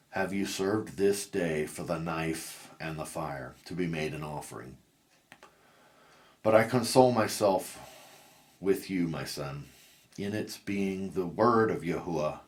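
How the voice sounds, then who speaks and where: A man's voice: deep voice, darkish tone. Sarah, a man reading as a grieving aged mother.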